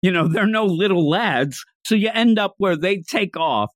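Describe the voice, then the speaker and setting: An animated man with a fairly high voice recaps a story in casual chat. He jumps into silly character voices as he goes. The sound is close and dry, with no room echo. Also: moderate pace. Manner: animated, acts out scenes in funny voices. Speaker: podcast co-host.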